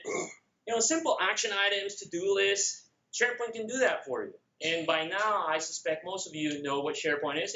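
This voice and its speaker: High-voiced Filipino man presenting energetically. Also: muffled recording. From Philippines. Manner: energetic, joking, addresses the audience directly. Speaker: conference speaker. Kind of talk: lively conference presentation. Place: conference room.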